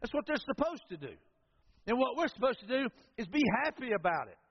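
High-voiced pastor preaching in a hall. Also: male voice, very animated, a little fast, slight background noise. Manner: folksy, conversational preaching with storytelling asides. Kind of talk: sermon. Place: church sanctuary with congregation. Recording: echoey hall, dull lo-fi sound.

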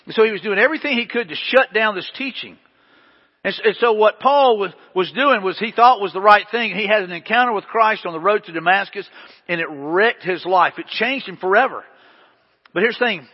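A male pastor with a high, husky voice delivers a folksy, story-driven sermon to his congregation. His voice trails off into a long church-hall echo, and the recording sounds dull and lo-fi. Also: fairly quick. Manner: conversational, storytelling preaching with folksy asides.

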